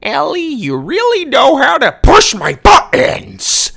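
A man's voice: very high-pitched, huge pitch swings, slow, vocal fry, pitched above the performer's own voice, exaggerated voice. A man voicing a heavy-set male villain whose friendly tone turns to rage by the end of each sentence. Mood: raging. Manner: rising from friendly to shouting.

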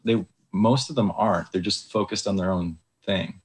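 A man's voice: fairly low pitch, normal speed. A young man, an Olympic ski jumper, talking casually as an interview guest, hesitant with many likes and restarts.

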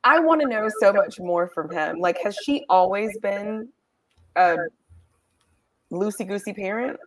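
A woman's voice: mid-range voice, lively intonation, measured pace. A woman guest co-host in a casual chat on a video call, asking curious short questions.

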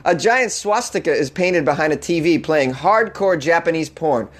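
A man's voice: on the high side, expressive, moderate pace, few pauses. A man with a Boston accent hosting a comedy news show, riffing with sarcasm and mock outrage and laughing at his own jokes. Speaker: comedian podcast host.

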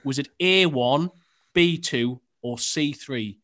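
A man hosting a football quiz on a podcast, reading questions in a dry, measured way. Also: on the high side, a bit bright.

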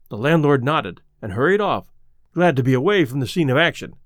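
A man narrating an audiobook ghost story in a measured storytelling manner. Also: medium pitch, expressive, no room sound, studio quality.

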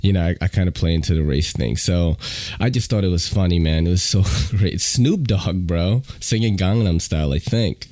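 A man's voice: low-pitched, normal speed, warm tone, no room sound. A man hosting a podcast in casual, rambling chat, often laughing and using many fillers. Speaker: podcast host.

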